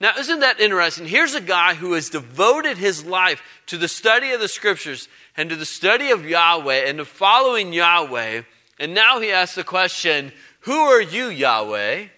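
Bright-voiced male pastor preaching. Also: sits high, sing-song, normal speed. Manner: conversational, emphatic, with repeated phrases. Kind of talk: sermon.

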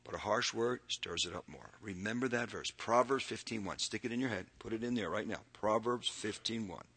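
An older man with a fairly low, husky voice preaches a sermon. He reads verses earnestly, shifting between loud, emphatic bursts and quiet, drawn-out phrases.

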